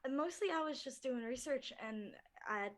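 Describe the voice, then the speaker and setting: A woman voicing a shy, hesitant adventurer in a tabletop game, speaking softly and haltingly. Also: high-pitched, natural voice. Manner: hesitant, halting, soft-spoken.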